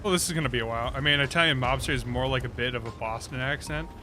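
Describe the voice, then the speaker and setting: A man's voice: mid-range voice, racing, background noise. A young man with a Midwestern accent, chatting sarcastically and rambling while streaming a game. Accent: Midwestern American. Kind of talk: casual gaming stream chat.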